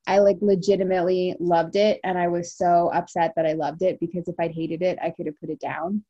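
A woman's voice: on the low side, flat delivery, brisk, dark tone, muffled recording. A woman co-hosting a podcast in casual chat, talking in a loose, teasing way with a lot of "like.". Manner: chatty, teasing, says "like" a lot. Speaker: podcast co-host.

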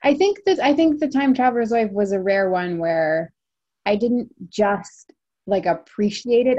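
A woman's voice: mid-range voice, expressive, measured pace, darkish tone, lo-fi sound. A woman co-hosting a podcast in casual chat, talking in a loose, teasing way with a lot of "like.". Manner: chatty, teasing, says "like" a lot. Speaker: podcast co-host.

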